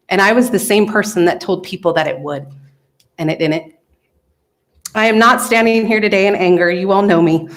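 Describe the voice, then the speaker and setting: A woman from the local chamber of commerce giving an earnest, emotional public comment to a city council. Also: lowish voice.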